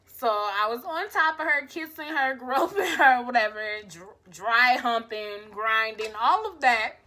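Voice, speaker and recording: A young woman vlogger telling a casual storytime, animated and profane, acting out her own lines. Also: a little high, a little slow.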